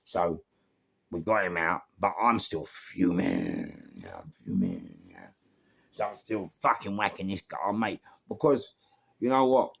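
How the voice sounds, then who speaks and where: Gravelly deep-voiced London man. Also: unhurried. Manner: animated, swears freely, punctuates with sound words and laughs. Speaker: former gangster telling his story. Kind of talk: casual storytelling anecdote.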